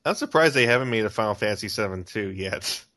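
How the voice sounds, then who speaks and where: Male co-host, lively pitch, casual and excitable chat. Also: quick pace. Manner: excitable, reacts with frequent exclamations. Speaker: podcast co-host.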